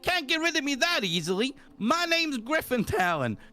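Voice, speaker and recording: A man's voice: extremely high pitch, sing-song, moderate pace, sharp tone, voice pushed up, exaggerated voice. A man voicing a cocky young male street tomcat with a put-on New York accent, brash and teasing. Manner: brash, teasing, self-assured.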